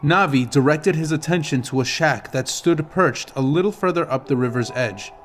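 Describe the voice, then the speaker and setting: A man reading a fantasy novel aloud as an audiobook narrator, in a steady, measured storytelling manner. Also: on the high side, a little hiss or hum. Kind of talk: scripted narration.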